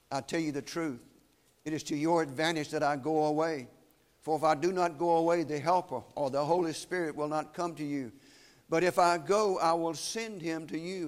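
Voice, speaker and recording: Solemn emphatic male preacher. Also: on the high side. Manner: solemn, emphatic preaching with slowed, weighty phrases. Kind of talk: sermon.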